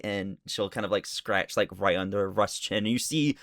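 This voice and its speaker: A man's voice: lowish voice, steady tone, moderate pace, vocal fry, a bit bright, dry recording, studio quality. A man narrating as game master of a tabletop game, loose and full of fillers.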